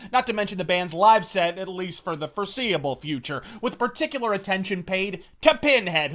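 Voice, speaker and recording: Man, reviewer, profane, sardonic, high voice, bright tone. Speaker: video reviewer. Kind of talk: scripted comedic rant narration.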